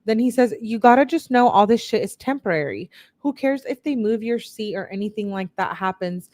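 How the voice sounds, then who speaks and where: Animated and a bit fast, a woman with a medium-pitched, darkish voice reads text messages aloud for true-crime commentary. She lifts her voice slightly for each quote and breaks in with blunt, candid asides.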